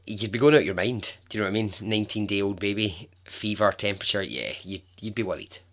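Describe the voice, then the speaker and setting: A man's voice: fairly low pitch, brisk. Chatty man telling a story. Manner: chatty, expressive, with asides. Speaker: podcast host. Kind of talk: casual podcast storytelling.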